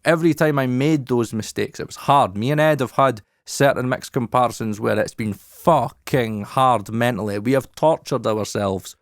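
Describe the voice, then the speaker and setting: A man's voice: mid-range voice, moderate pace, hardly any pauses, dry recording. Guy on a podcast, blunt and sweary, dead dry close mic. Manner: frank and emphatic, swears often. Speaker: podcast co-host. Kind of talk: casual chat.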